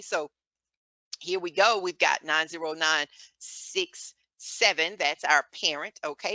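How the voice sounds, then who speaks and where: A woman with a Southern US accent teaching an online medical coding class, closing almost every point with a quick "okay?" or "all right?" to the students. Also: sits low, bright, forceful tone, no room sound, highs cut off. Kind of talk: live online class lecture.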